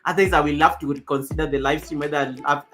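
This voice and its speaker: A young woman from Kenya hosting a casual livestream, talking loudly and warmly greeting viewers by name. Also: low voice, steady tone, racing. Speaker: livestream host. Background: background music.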